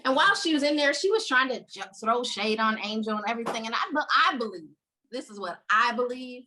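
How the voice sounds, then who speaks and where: A woman's voice: on the high side, fairly quick, slight background noise. A woman co-hosting a podcast, casually recapping a romance novel and acting out the characters' lines. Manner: animated storytelling, acts out characters' lines. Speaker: podcast co-host.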